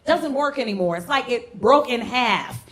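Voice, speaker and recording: Brash high-voiced Brooklyn comic woman. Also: expressive, moderate pace. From Brooklyn, New York. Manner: brash, loud and playful, slips into mocking voices. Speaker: stand-up comedian. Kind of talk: stand-up comedy set. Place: comedy club stage with a live audience.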